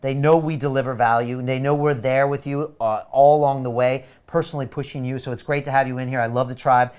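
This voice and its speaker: Speaking quickly in a smooth, mid-range voice, this man runs a live webinar sales pitch for a course. He leans on viewers hard, sounding urgent, energetic and emphatic in his push to get them enrolled.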